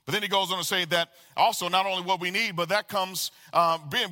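A man preaching a sermon as pastor, animated and calling out to the congregation for responses. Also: sits high, a little fast. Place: church sanctuary. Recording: long reverb of a large hall.

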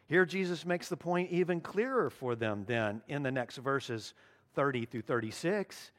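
A man preaching a sermon as pastor, earnest, slowing down to stress key lines. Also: a little high, lively intonation, a bit bright. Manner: earnest preaching, slows down for emphasis.

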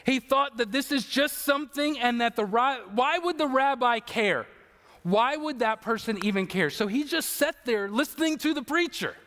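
A male pastor preaching an earnest, emotional sermon with slow, emphatic phrases. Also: very high-pitched, animated, bright, forceful tone, long reverb tail.

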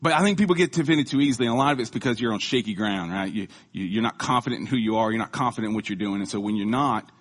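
A man's voice: on the low side, very fast, few pauses. A man giving a casual sermon in a conversational, joking, self-deprecating manner. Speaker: lay preacher.

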